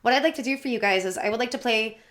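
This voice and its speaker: Young woman, commentary host: bright tone, indignant, sarcastic edge, casual delivery. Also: on the high side, very fast. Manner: chatty, indignant, sarcastic asides. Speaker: commentary YouTuber.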